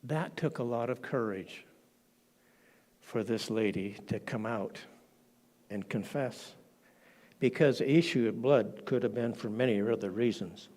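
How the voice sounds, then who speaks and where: A man's voice: mid-range voice, measured pace, long pauses, a little mellow. A man preaching a sermon in a church, dramatic and acting out the quoted lines as he tells the story.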